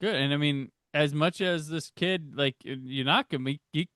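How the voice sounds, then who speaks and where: A man's voice: on the high side, normal speed, fairly bright tone, no echo, clean studio sound. A man hosting a casual podcast, joking and rattling off lists. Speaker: podcast host.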